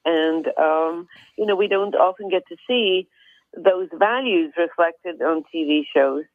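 A woman from Ireland, an interview guest speaking earnestly and gently. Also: fairly low pitch, unhurried, no room sound. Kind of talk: phone interview. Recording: dry tinny phone line.

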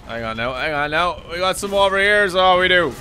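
Excitable Irish man yelling at a game. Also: high-pitched, a little fast, slight background noise. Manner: excitable, swears a lot, yells at enemies. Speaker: streamer. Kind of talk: gameplay commentary.

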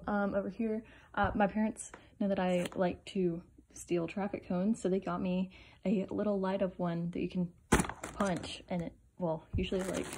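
A young woman talks casually to the camera, rambling from one thing to the next and tossing in dry little jokes. Her voice sits at an ordinary middle pitch. There is a steady hiss of noise under the whole recording. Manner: chatty and rambling, jokey asides. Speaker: vlogger. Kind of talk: casual vlog chat. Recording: noisy handheld home recording.

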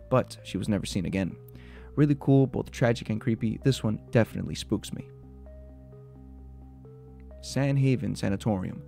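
Guy rattling off creepy urban legends quick, gravelly dark voice, faint music underneath. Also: mid-range voice. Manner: quick, mixes spooky retelling with joking asides. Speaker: video host. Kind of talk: reading urban legends and reacting. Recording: soft music behind the voice.

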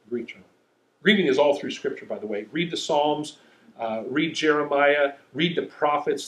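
Guy preaching, talks like he's chatting, keeps saying okay, roomy echo. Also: medium pitch. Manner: conversational, checks in with "okay?". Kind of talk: sermon. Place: church sanctuary. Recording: echoey room.

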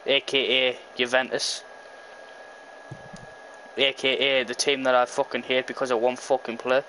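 Sweary Liverpool man at mid pitch. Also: flat delivery, unhurried, pushed and bright, a little hiss or hum, low-quality recording. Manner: sweary, blunt banter. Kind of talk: casual gaming chat.

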